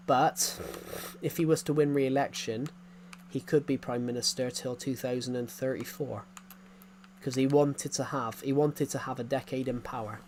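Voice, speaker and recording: A man's voice: medium pitch, darkish tone, slight background noise. A man, chatting casually on a game live stream, rambling and repeating himself with frequent chuckles.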